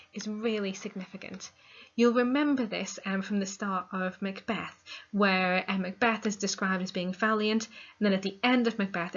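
A woman's voice: mid-range voice, a bit bright, lo-fi sound. Woman teaching a literature lesson. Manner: explanatory, reads quoted lines then paraphrases them. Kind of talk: literature lesson, reading and explaining a play.

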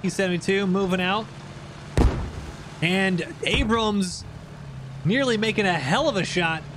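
A man giving lively, joking play-by-play commentary over tactical shooter gameplay as the channel host. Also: high-pitched, measured pace, background noise.

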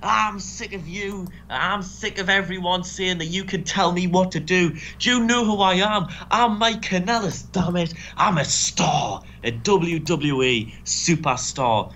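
A man's voice: sits high, unhurried, few pauses, a little hiss or hum, pitched above the performer's own voice, full character voice. A man putting on a furious, boasting wrestler. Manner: shouting, boastful. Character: ranting hot-headed male wrestler star.

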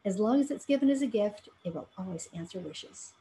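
A woman's voice: medium pitch, expressive, a little fast, gravelly, mellow, a little hiss or hum. A woman reading as kindly old Santa Claus.

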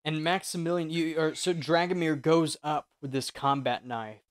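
A man narrating as game master of a tabletop horror game, in a measured, descriptive way. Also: fairly high pitch, steady tone, smooth.

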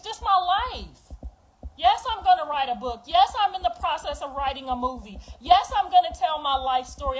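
A middle-aged woman, talking straight to viewers in a raw, profane, confessional monologue that swings from quiet to loud. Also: sits high, a little hiss or hum, low-quality recording. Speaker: mother speaking out.

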